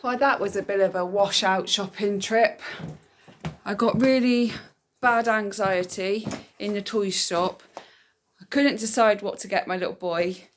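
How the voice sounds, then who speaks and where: Young woman, candid, talking to camera, mid pitch, faint sizzling behind. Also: steady tone, measured pace, slight background noise. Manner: chatty, candid, repeats herself. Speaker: vlogger. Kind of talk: casual chat to camera.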